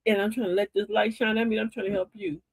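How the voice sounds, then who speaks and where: A woman's voice: a little high, lively intonation, fast talker, vocal fry, husky, dry recording. An older woman hosting a live stream, giving a folksy, preachy, uplifting talk straight to her chat viewers.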